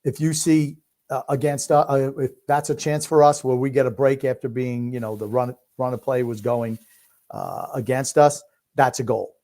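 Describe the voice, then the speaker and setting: A man with a mid-pitched voice, co-hosting a casual sports watch-along. He rambles in a laid-back way and fills gaps with ums and uhs. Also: steady tone, moderate pace, mellow. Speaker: podcast co-host.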